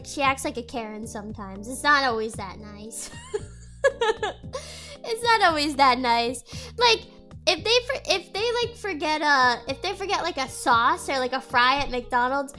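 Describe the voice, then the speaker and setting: Her voice sits high, bright and forceful, as this young female streamer casually chats with her viewers. She reads the chat aloud, rambles, and giggles, sounding stuffy-nosed.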